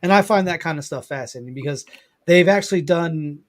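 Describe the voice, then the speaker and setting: A man's voice: on the high side, a little fast. A man talking as a guest on a podcast in casual chat, enthusiastic and repeating himself.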